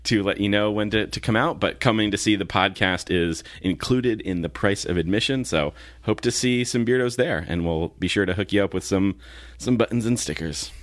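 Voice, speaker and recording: A man with a fairly low voice, still carrying his just-woken morning voice. He chats casually as a podcast co-host, relaxed and easygoing. The sound is dry and close, with little room echo. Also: moderate pace. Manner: relaxed, chatty, laughs easily.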